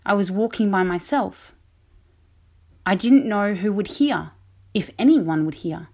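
Woman vicar preaching a sermon, reflective and measured, middle pitch. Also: animated, a little mellow.

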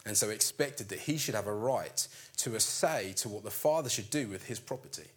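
A man preaching a sermon in an animated storytelling way, acting out the characters' lines. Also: lowish voice, a little fast, breathy edge.

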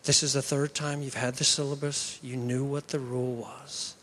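A man voicing a stern older male professor who speaks in a measured, firm way. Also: mid-range voice, level tone, a bit bright, a little hiss or hum, pitched below the performer's own voice, close to an everyday voice.

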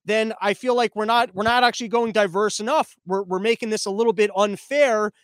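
A man's voice: high voice, brisk, clear, resonant tone, no echo, studio quality. A man hosting a show, delivering a sarcastic, rambling comedic monologue with frequent restarts. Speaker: show host.

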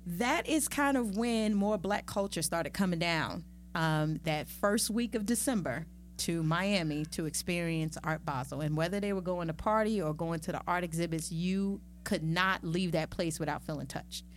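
A middle-aged woman talking as a podcast guest in a casual, lively and playful way, with chatty asides. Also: fairly low pitch, moderate pace, few pauses, faint music behind. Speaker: podcast guest, magazine founder. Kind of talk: casual conversational interview.

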